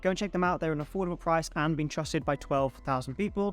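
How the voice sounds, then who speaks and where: A man with a slightly high voice talks relaxed and chatty to his camera from home, enthusing to his viewers. Faint music plays behind him. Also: quick pace, few pauses. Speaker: photography video creator. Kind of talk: casual talk to camera. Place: indoors at home. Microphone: home studio mic.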